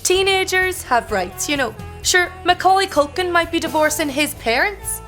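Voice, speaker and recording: A woman playing a sixteen-year-old girl in an amateur film, wry in narration and shrill when she complains. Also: expressive, moderate pace, fairly bright tone, faint music behind. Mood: outraged.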